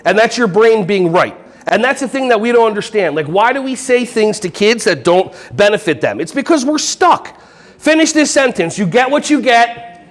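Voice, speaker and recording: A man's voice: high voice, lively intonation, moderate pace, a little hiss or hum. A man giving a playful workshop talk to a live audience, joking and quizzing the crowd. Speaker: conference presenter.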